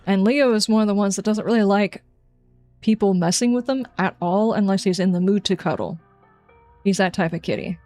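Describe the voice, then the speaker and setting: Over soft background music, a woman speaks a little fast in a medium-pitched, dark voice. She's a gaming livestreamer giving casual, wry commentary on her gameplay, reacting out loud and replying to her chat.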